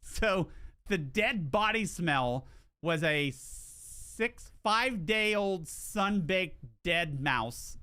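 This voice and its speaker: Animated, bright-voiced male streamer. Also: high voice, very slow, clear, resonant tone. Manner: animated, swears, restarts and repeats words. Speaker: game streamer. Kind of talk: casual livestream storytelling.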